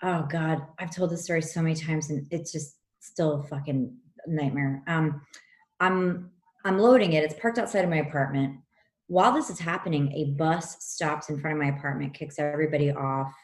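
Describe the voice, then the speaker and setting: A woman with a notably low, deep voice tells a story in a casual chat, animated and blunt, cursing without a second thought. Her voice rings in a roomy, echoey space. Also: normal speed. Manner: animated, frank, swears freely. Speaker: podcast co-host telling a personal story. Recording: roomy echo.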